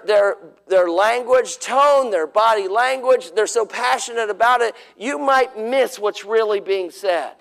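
High-voiced, gravelly pastor. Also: male voice, poor audio. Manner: folksy storytelling with acted-out dialogue. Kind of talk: sermon on marriage, with his wife.

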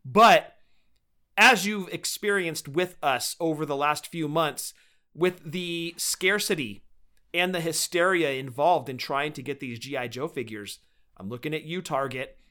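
Casting: male podcast co-host, bright and forceful tone, fairly high voice, eager. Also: unhurried. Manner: enthusiastic collector talk. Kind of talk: casual chat.

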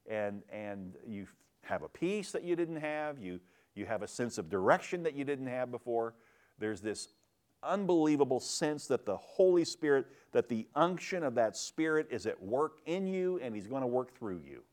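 A male pastor preaching an expository sermon in a church, animated and emphatic, jumping from sudden shouts to hushed asides. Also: mid-range voice, moderate pace.

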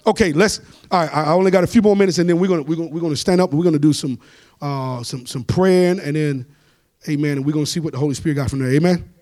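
A man preaching a Bible study as a pastor, rising into shouts and sung phrases and calling for amens. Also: a little high, racing.

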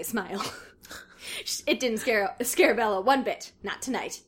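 A woman's voice: mid-range voice, normal speed, slight background noise. A woman co-hosting a casual comedy podcast, reading a story aloud with dramatic flair and breaking into laughter. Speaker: podcast co-host reading fan fiction aloud.

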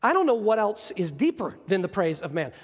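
A man's voice: high voice, big pitch swings, a little fast, husky. A male pastor delivering a sermon in an earnest, explanatory way, with frequent restarts, in a church. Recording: long reverb of a large hall.

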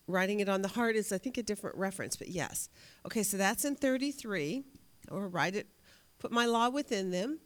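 A woman's voice: medium pitch, animated, fairly quick. A woman leading a Bible study lesson, asking her class questions and answering them herself, often repeating words as she thinks aloud. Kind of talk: interactive Bible class teaching.

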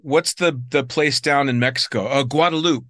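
A man's voice: medium pitch, moderate pace, dry recording, studio quality. A man hosting a podcast, chatting casually, agreeing with his guest and swearing now and then. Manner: relaxed, affirming, swears casually. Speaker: podcast host. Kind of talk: casual chat.

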